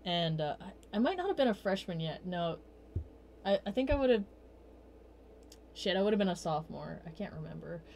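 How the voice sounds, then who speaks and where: A woman's voice: very animated, normal speed, vocal fry, long pauses, darkish tone, slight background noise. Chatty young woman rambling through stories. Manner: rambling, chatty, many fillers and restarts; quotes herself in bursts of higher voice. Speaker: livestream host. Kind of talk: casual storytelling chat.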